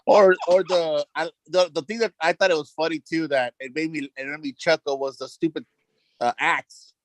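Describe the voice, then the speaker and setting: A man's voice: a little high, fairly even intonation, a little hiss or hum. A man co-hosting a casual talk show, often stumbling and repeating words before he gets them out. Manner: halting, stumbling over words. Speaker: podcast co-host. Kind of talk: casual chat.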